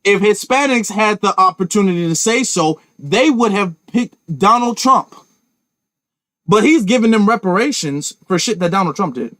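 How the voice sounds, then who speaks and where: High-voiced man ranting to his viewers. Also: animated, normal speed, fairly bright tone, dry recording, studio quality. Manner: emphatic, talks to viewers directly, repeats and restarts. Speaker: commentary channel host. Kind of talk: political commentary rant.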